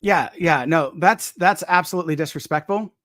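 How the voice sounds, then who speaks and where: A man's voice: a little high, moderate pace, fairly bright tone, no room sound. A man hosting a casual live chat, polite and hesitant, restarting his sentences often. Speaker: host.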